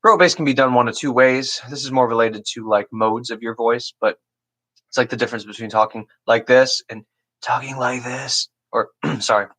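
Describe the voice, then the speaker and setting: A young man casually explaining beatbox basses on a livestream, rambling with lots of "you know" and "like" and clearing his throat often. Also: steady tone, a little fast, fairly bright tone, low-quality recording. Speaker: beatbox teacher.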